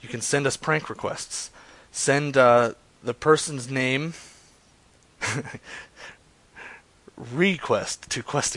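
A man streaming prank calls and chatting casually with his viewers, excitable and profane, often laughing. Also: medium pitch, no echo. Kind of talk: casual live-stream chat.

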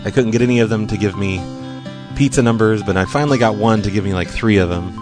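An American man hosting a call-in show, talking in a low voice with a relaxed, offhand ramble. Guitar music plays clearly under him throughout. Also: fast talker. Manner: laid-back, rambling, offhand. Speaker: host of a phone prank show. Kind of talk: casual radio show talk.

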